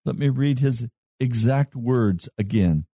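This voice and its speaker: A male pastor preaching a sermon in a slow, measured way with long pauses. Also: medium pitch, dark tone, husky, dry recording, studio quality.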